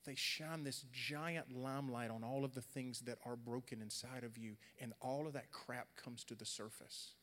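A young adult man preaching a sermon, swinging from loud, animated storytelling to quiet, earnest talk. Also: medium pitch, moderate pace, hardly any pauses. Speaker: pastor. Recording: long hall reverb.

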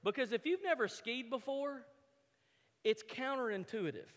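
A man with a strikingly high voice tells a comic story from a stage, animated and lively. He keeps restarting his sentences and acts out what he was thinking. His voice rings out with a long reverb, as in a big hall. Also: normal speed. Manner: animated, repeats words as he restarts, acts out his own thoughts. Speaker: speaker telling a story to an audience. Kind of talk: humorous personal story told from a stage.

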